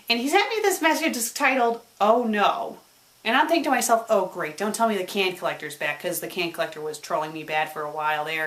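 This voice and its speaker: Animated woman chatting in a vlog. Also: medium pitch. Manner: animated, swings between excited and subdued, repeats words when she stumbles. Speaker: web show creator answering viewer questions. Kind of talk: casual Q&A vlog.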